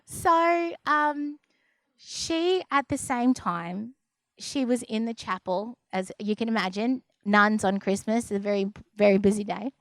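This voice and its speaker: Casting: young woman storyteller with a higher voice, dry close sound, animated delivery. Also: no echo. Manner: lively, acts out others' voices in a higher pitch; quieter and slower when describing the deep experience. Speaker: speaker sharing a personal story. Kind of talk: personal storytelling to an audience.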